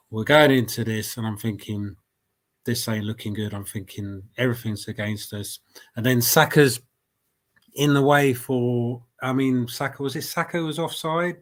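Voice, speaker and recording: A man with a cold hosting a casual live football reaction stream at home, rambling with many fillers and restarts. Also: medium pitch. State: has a cold. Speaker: football fan channel host. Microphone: desk mic at a laptop.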